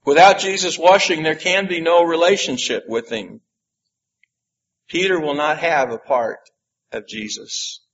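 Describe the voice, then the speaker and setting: Male preacher, unhurried emphatic sermon with long pauses, on a muffled lo-fi recording. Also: a little high, a bit bright. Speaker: pastor.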